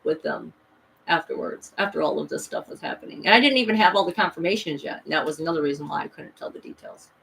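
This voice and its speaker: A woman's voice: low voice, lively intonation, fast talker, creaky, a bit bright, a little hiss or hum, low-quality recording. A woman vlogging a rambling, emphatic personal story, full of restarts and voices she quotes. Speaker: spiritual vlogger.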